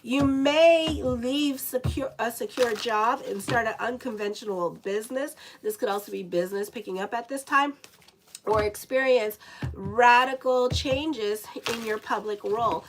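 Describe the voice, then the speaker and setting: Woman astrologer, sick, slightly high voice, chatty, cussing asides. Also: measured pace, noisy background. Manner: chatty, swears and laughs at her own asides. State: sick, dry lips. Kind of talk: casual horoscope reading.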